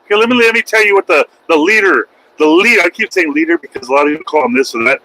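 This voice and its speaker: A man's voice: on the high side, animated, fast, pushed and bright, poor audio. A man, a truck driver vlogging from his cab, talking in a rambling, opinionated way with wry asides. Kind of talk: casual rambling monologue.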